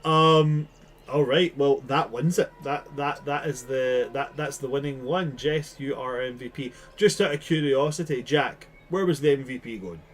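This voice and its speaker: A man's voice: mid-range voice, moderate pace, rough recording. A man running a tabletop game, chatting casually after the session, swearing freely and laughing often. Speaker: game master. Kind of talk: casual post-session chat.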